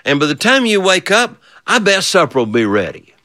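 A kind, motherly grandmother, as a man storyteller puts her on. The voice is lifted higher than his own and gentle. The sound is dry and close. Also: very animated, a little fast, no room sound, heavily acted. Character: kind caring grandmother offering rest and supper.

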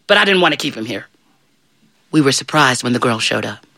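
Bright, animated woman storyteller. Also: extremely low pitch, a little fast, dry recording. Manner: animated, swooping voice and playful asides. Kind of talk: first-person storytelling as a fairy godmother.

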